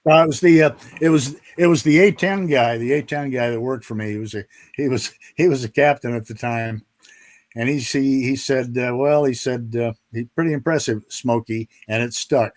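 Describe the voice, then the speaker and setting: A man's voice: medium pitch, normal speed. An older man, a retired fighter pilot, telling folksy stories as a guest on a video call and chuckling through his restarts. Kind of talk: storytelling in a live interview.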